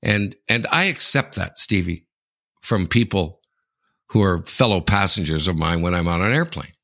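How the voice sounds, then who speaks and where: A man from Canada co-hosting a casual sports podcast, telling an animated story, often calling the host by name and putting on high voices for others. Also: moderate pace, gravelly.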